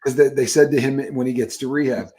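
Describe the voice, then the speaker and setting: Guy hosting a live morning show, rambly, lots of uh and restarts, middle pitch. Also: fairly even intonation, warm tone. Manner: rambling, halting, many fillers and restarts. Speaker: podcast host. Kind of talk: casual live chat.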